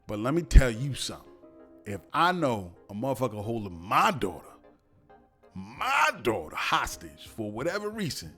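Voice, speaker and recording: A man hosting a podcast in a casual commentary monologue, profane and heated, moving from calm talk to loud shouting. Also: medium pitch, normal speed, slightly rough, faint music behind. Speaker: podcast host.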